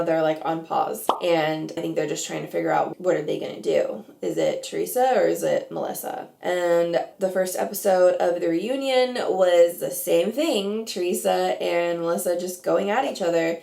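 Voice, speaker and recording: Chatty woman with a gravelly voice. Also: on the low side, mellow, echoey room. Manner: chatty, opinionated, heavy use of "like". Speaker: reality TV commentator. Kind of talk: casual reaction vlog.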